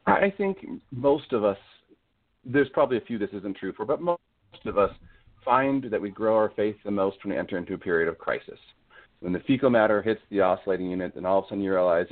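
Low-voiced man on a phone-like line. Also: quick pace. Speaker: podcast guest. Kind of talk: faith conversation. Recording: phone-like audio.

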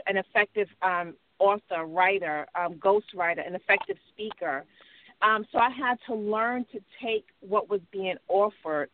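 A woman writer co-hosting a casual talk, speaking reflectively with frequent pauses and fillers. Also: mid-range voice. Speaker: writer and podcast co-host. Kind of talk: casual conversation. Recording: tinny phone-line sound.

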